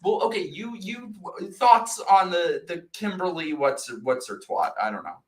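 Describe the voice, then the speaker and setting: A man hosting a casual live-stream chat, loud, crude and excitable, quick to laugh. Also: high-pitched, echoey room. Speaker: podcast host.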